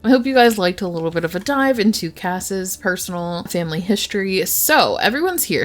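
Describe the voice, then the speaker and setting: Chatty woman narrating a life sim game. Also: mid-range voice. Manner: chatty, excitable, squeals when delighted. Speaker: gaming YouTuber. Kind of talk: casual Let's Play commentary.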